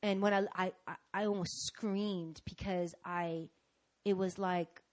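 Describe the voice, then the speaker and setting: Young woman, sermon testimony, animated storyteller with big swings from soft to loud. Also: on the low side, measured pace. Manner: dramatic and animated, with sudden swings from hushed to loud. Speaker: preacher giving a testimony.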